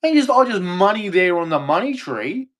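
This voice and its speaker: A man's voice: sits high, very animated, moderate pace, fairly bright tone. A man with an Australian accent, ranting angrily and swearing often as he repeats himself. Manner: agitated, profane, repetitive. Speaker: streamer. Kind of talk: angry rant.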